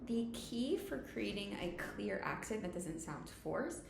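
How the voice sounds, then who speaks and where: A woman teaching violin, explaining each technique clearly and step by step. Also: mid-range voice, lively intonation, a little slow, reverberant, noisy background. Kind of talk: instructional tutorial.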